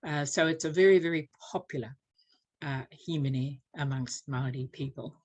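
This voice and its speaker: A woman presenting a church language series, unhurried with many fillers, teaching Māori pronunciation through spoken examples. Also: low-pitched, darkish tone. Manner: unhurried, filler-heavy explanations.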